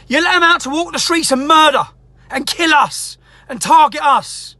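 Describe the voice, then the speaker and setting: Woman, angry rant, indignant, high voice, bright tone. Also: normal speed, no room sound. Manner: heated, indignant, swearing. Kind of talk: angry ranting monologue.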